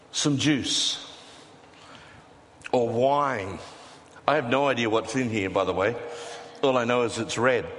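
A man's voice: mid-range voice, fairly bright tone. Male pastor in reverberant hall. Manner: conversational, playful asides to the congregation. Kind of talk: sermon.

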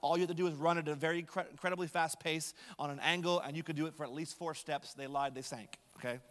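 A man's voice: fairly high pitch, steady tone, fast, fairly bright tone, long reverb tail. A man preaching a sermon as pastor, in a conversational storytelling way with light humor.

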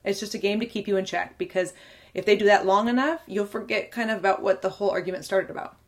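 A woman's voice: mid-range voice, steady tone, quick pace. A woman in her thirties hosting a podcast, telling her own story in a candid, earnest monologue and often quoting what others said. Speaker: podcast host.

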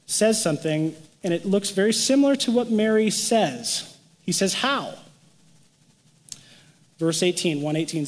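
A man's voice: on the high side, long reverb tail. A man preaching a sermon as pastor, telling stories with animation and acting out quoted lines. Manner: animated storytelling, acts out quotes.

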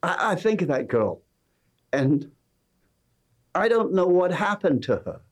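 This English-accented man from England sits high in pitch, swings his pitch widely and speaks a little slowly. He's a pastor preaching, mixing a personal story told with dry humor and earnest appeals to the congregation.

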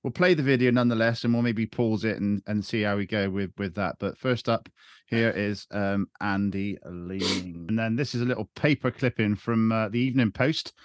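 A man's voice: lowish voice, moderate pace, dry recording, studio quality. Enthusiastic podcast host man. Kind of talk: casual podcast interview.

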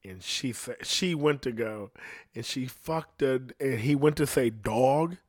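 A young man spins a crude, profane story in loose casual chat, rambling through restarts and breaking into laughs along the way. His voice sits at an ordinary middle pitch. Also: measured pace, no echo, clean studio sound. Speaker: podcast storyteller.

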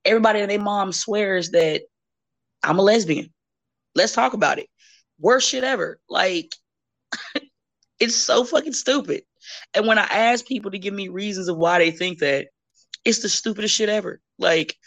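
A woman in her thirties, a wrestler guesting on a podcast, chatting bluntly and profanely with animated storytelling. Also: mid-range voice, normal speed. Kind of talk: casual chat.

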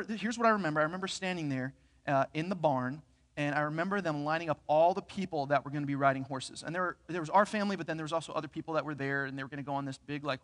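A man preaching a sermon, telling a personal story in an earnest, animated way. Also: on the high side. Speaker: pastor. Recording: reverberant hall.

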